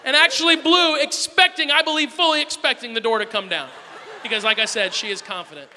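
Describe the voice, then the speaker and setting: Man, pastor, sermon storytelling, very bright tone, animated delivery, long hall reverb. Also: very high voice, brisk, slight background noise. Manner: animated, swings from loud bursts to soft asides.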